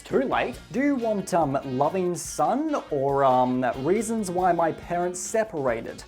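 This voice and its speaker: A woman YouTuber giving a comedic recap, full of sarcastic, crude, deadpan jokes. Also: deep voice. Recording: faint background music.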